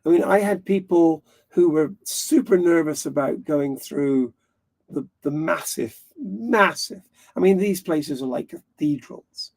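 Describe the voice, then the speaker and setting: A man's voice: a little high, unhurried, vocal fry, darkish tone. A man hosting a live stream, chatting casually in a rambling way, often correcting himself and laughing. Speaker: livestream host.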